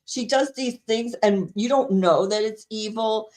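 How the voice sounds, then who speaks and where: A woman's voice: a little high, a little slow, a little mellow. A middle-aged woman co-hosting a podcast, chatting casually and rambling as she searches for words, laughing easily. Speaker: podcast co-host. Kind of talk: casual chat.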